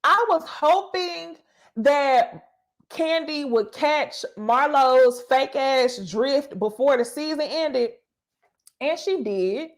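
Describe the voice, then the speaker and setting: A woman talks straight to her viewers in a casual recap of reality TV. Her voice sits a little high. She is animated and profane, and she tosses in laughing asides. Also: slow pace.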